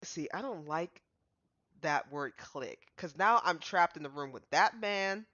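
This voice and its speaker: Joking female game streamer, lively. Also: low-pitched, a little slow, no room sound, muffled recording. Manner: joking, rambling, laughing asides. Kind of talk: casual game commentary.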